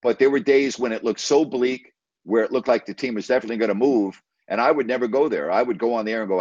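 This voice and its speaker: A man's voice: mid-range voice, fast talker, a little mellow, no room sound, dull audio. A middle-aged man, a sports radio host, telling a story in an interview in a blunt, emphatic way with salty language.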